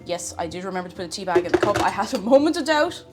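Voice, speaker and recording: This young livestreamer's mid-range voice is very animated and rapid-fire. Slightly out of breath, she chats with her stream and reads messages aloud, bubbly and playful with sing-song asides, as music plays behind her.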